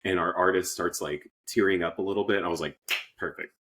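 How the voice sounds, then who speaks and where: A man co-hosting a casual podcast, a tattoo artist telling shop stories in an animated way, laughing often and acting out what others said. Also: deep voice, fast talker, a little hiss or hum. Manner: animated storyteller who laughs often and acts out quotes. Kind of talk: casual chat.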